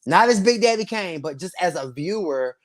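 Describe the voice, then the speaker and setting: A man hosting a live stream, reviewing a reality show in sassy slang. He talks casually to his viewers and laughs often. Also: normal speed. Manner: sassy, slangy and animated, swinging between loud bursts and low asides; laughs often while talking.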